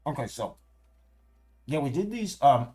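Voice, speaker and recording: A man's voice: medium pitch, very animated, unhurried, dark tone. Rambling man on a livestream. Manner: rambling, frequent restarts and self-corrections. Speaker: streamer. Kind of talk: casual livestream chat. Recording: roomy echo.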